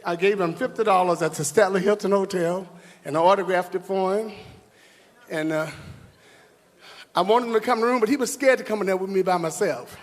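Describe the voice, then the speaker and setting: A man's voice: high-pitched, a little fast, pauses often. A man giving an exuberant ceremony speech on stage, hollering, whooping and laughing as he talks, bursting into bits of singing. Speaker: speaker at an awards ceremony. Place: large hall on stage. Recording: large hall reverb with faint music.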